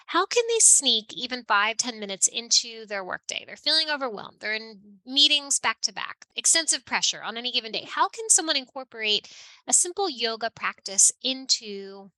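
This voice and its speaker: A woman podcast co-host asking questions in an upbeat, lively way, repeating phrases for emphasis. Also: sits high, normal speed, dry recording, rough recording. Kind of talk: casual interview questions.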